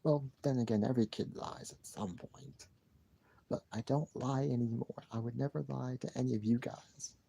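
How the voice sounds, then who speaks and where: Gravelly-voiced man rambling on a live stream. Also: medium pitch, normal speed, warm tone. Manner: rambling, repeats himself, sighs. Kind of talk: casual live-stream chat.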